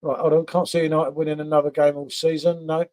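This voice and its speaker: A man's voice: fairly high pitch, little pitch movement, quick pace, mellow. A man hosting a casual beer review livestream, chatting with viewers by name and tagging questions onto his sentences. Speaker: beer review channel host.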